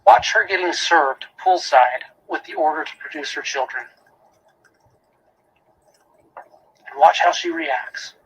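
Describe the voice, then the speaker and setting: A man's voice: on the high side, unhurried, a bit bright, slightly rough, poor audio. A man giving a prosecutor's closing argument in a courtroom, emphatic, repeating key phrases and asking rhetorical questions.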